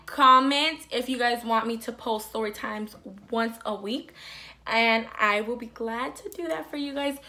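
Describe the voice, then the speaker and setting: A young woman vlogger telling a personal story in an animated way, with many fillers. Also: sits high. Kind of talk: storytime vlog.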